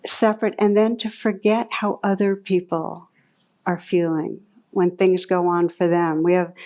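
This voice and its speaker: A woman meditation teacher giving a talk to a live audience, telling anecdotes and reflecting aloud. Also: on the low side. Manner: warm storytelling, lively when recounting anecdotes.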